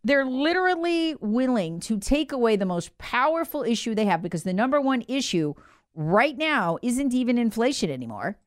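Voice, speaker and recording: A woman's voice: on the high side, sing-song, moderate pace, no room sound, studio quality. A woman hosting a political commentary show, talking in an emphatic, indignant monologue with sarcastic asides.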